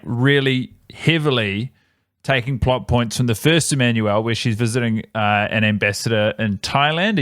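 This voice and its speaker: A man's voice: mid-range voice, no room sound, studio quality. Chatty New man, rambling. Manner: rambling, self-correcting, animated storytelling. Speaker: podcast co-host. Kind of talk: casual chat.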